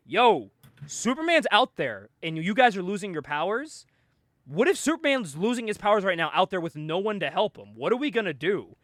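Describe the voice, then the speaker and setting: A man's voice: sits high, pushed and bright, no room sound, studio quality. A man casually recapping a comic book, acting out the characters' lines and laughing often. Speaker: podcast host.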